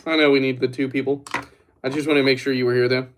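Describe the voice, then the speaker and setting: A man's voice: medium pitch, little pitch movement, fast, slight background noise. A young man livestreaming, rambling and joking as he talks straight to his chat. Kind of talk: casual livestream chat with viewers.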